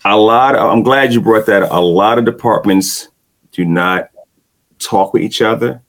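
A man's voice: fairly low pitch, a little slow. A laid-back middle-aged man in casual conversation, often repeating himself and agreeing with "right.".

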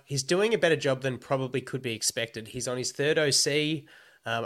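An Australian man on a casual sports podcast, thinking out loud and rambling with plenty of fillers. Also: medium pitch. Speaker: podcast co-host.

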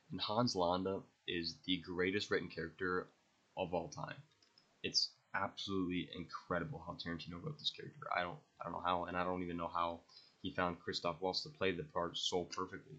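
A man's voice: sits low, sharp tone, muffled recording. A young man hosting a podcast, rambling enthusiastically through his favorite movies and swearing freely. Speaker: podcast host. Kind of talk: casual movie ranking monologue.

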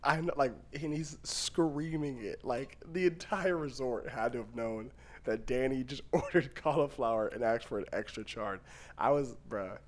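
A man's voice: medium pitch, moderate pace. A young man co-hosting a podcast, chatting loosely with lots of fillers and frequent laughter. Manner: rambling, laughs often, many fillers. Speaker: podcast co-host. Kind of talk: casual chat.

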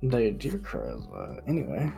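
A man's voice: medium pitch, wildly swooping pitch, moderate pace, creaky, warm tone, faint music behind. A man co-hosting a casual group chat, laid-back and laughing often. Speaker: co-host.

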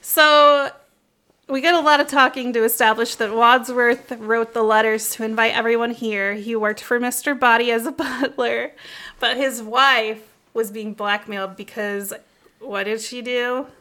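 A young woman with a bright, high-leaning voice recapping a film with a friend in loose, giggly podcast chat. She rattles along quickly, excited and breaking into laughter between points. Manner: fast, excitable, laughs often. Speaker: podcast host.

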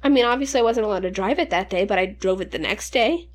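A woman's voice: mid-range voice, fast. A woman in her twenties telling rambling, profane childhood stories in casual podcast chat. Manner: rambling, profane, laughing storyteller. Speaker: podcast co-host.

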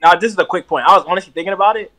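A man trading casual sports banter with his co-hosts. He tells animated, profane stories with his slightly raised pitch. He keeps dropping "bro" into his sentences. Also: rapid-fire. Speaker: podcast co-host.

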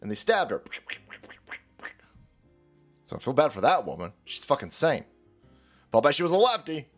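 A man's voice: mid-range voice, huge pitch swings, moderate pace, soft background music. A man hosting a political commentary channel, ranting in a profane, sarcastic, mocking way.

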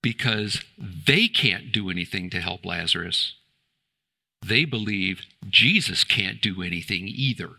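A man's voice: deep voice, expressive, unhurried, vocal fry, pushed and bright. A man preaching a sermon in church, emphatic and fond of rhetorical questions, building to exclamations. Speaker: pastor.

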